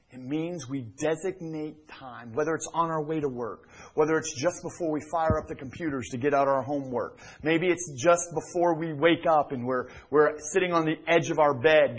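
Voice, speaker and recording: A middle-aged male pastor preaching a sermon in a church, swinging from loud emphatic lines to hushed near-whispers. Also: fairly high pitch, rough recording. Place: church sanctuary.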